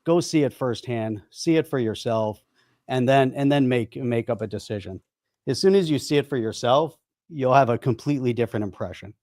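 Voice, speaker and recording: A man at an average pitch talks bluntly and emphatically in casual podcast chat. He hammers his points with restarts and repetition. The sound is dry, with no room echo. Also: animated, a little fast, a little mellow. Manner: blunt, emphatic, repeats himself. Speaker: podcast co-host.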